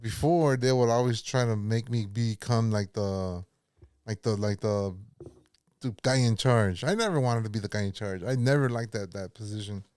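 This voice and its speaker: A man's voice: on the low side, normal speed, darkish tone, clean tone, no echo, clean studio sound. A man, a former bouncer, chatting casually on a podcast, rambling and repeating his words, swearing often. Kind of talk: casual chat.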